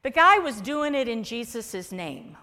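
A woman's voice: on the high side, big pitch swings, unhurried, sharp tone. A woman pastor preaching a sermon in a conversational way, acting out quoted lines as she goes. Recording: long echo of a large hall.

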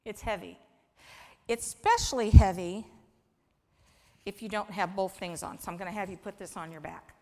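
A woman preaching a conversational sermon with an object lesson, coaxing and warm in asides, rising to lively emphasis. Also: medium pitch, normal speed, pauses often. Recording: long hall reverb.

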